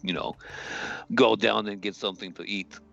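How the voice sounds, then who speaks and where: A man's voice: on the low side, steady tone, normal speed, gravelly, a bit bright, muffled recording, soft background music. A man playing in a tabletop game, chatting casually and joking with frequent laughs. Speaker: player. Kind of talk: tabletop roleplay chat.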